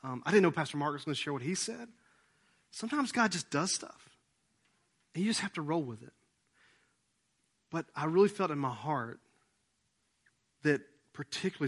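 A middle-aged male pastor preaching a sermon, swinging between loud appeals and hushed lines and acting out quoted prayers. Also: fairly high pitch, husky. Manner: acts out quoted prayers and asides.

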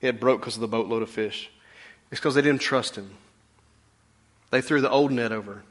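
A pastor preaching a sermon in a folksy, humorous way, swinging between loud bursts and hushed asides. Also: male voice, medium pitch, normal speed.

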